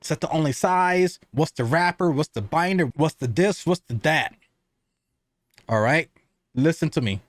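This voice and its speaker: A man's voice: on the high side, expressive, a little slow, no echo. A man giving a casual cigar review, rambling and asking and answering his own questions.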